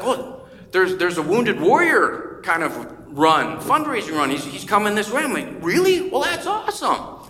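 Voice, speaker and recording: A man's voice: on the high side, bright, forceful tone, a little hiss or hum. A male pastor preaching a sermon in a church, telling a story conversationally and acting out the voices he quotes. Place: church sanctuary. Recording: echoey church hall with faint ambience.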